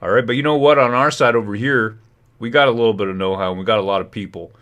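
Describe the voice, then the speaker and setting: A man with a fairly low voice rants as a livestream host. He talks in heated, indignant bursts. His commentary is loose and off the cuff. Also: fairly even intonation, quick pace, highs cut off.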